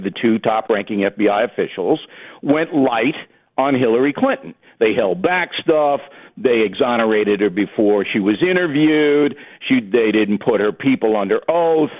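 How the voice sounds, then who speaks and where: A middle-aged man giving blunt, opinionated political commentary as a guest. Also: mid-range voice. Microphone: telephone. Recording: phone-line call-in.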